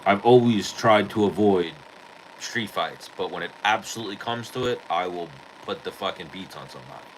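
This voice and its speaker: On his podcast, a man with a fairly low voice tells stories in loose, profanity-filled chat, acting out what people said along the way. He talks at normal speed, animated throughout. The recording is low quality, with a faint hiss behind him.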